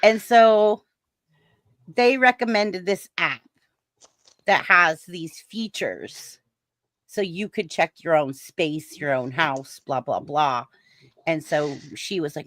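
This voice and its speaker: A woman's voice: on the low side, expressive, measured pace, a bit bright, no echo. A woman hosting a casual chat, telling a story with laughter and acting out the lines she quotes. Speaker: stream host.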